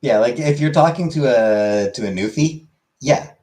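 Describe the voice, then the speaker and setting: A man's voice: medium pitch, normal speed. A young man streaming and chatting casually with his viewers, rambling along with lots of fillers. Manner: relaxed, rambling with many fillers.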